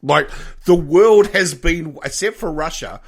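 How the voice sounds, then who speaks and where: A middle-aged man chatting as a podcast co-host, his voice sitting a bit higher than most men's. He talks in a frank, animated way, drops swear words freely and often laughs mid-sentence. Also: measured pace, gravelly. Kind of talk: casual chat.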